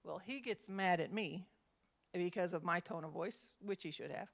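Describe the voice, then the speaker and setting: A woman's voice: on the low side, normal speed, vocal fry. A middle-aged woman minister leading a Bible study, telling stories and acting out the voices in them. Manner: animated storyteller, acts out quotes.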